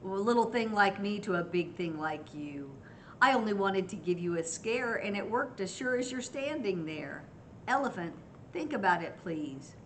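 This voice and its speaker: A woman's voice: medium pitch, lively intonation, moderate pace, a little hiss or hum, lightly acted. An older woman voicing a cheeky little gray mouse in a storybook, teasing playfully.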